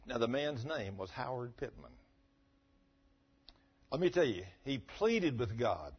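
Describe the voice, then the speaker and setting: A pastor delivers a folksy sermon in a church, moving from emphatic, raised lines to quiet asides. His voice is husky, and the dull, lo-fi recording mutes its top end. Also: fairly high pitch, expressive, normal speed. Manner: folksy, emphatic preaching with swings from loud to quiet.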